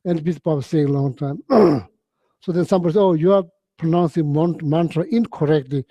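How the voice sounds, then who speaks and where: Mellow-voiced man telling teaching stories. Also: fairly high pitch, fairly even intonation, no echo. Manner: halting, repetitive phrasing with frequent "you know"; clears throat often. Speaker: Buddhist teacher. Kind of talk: storytelling dharma talk.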